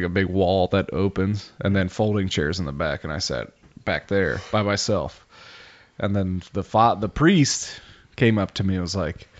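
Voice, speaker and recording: A man in casual chat, telling crude stories in a rambling, laughing way. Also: sits low. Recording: dull lo-fi sound.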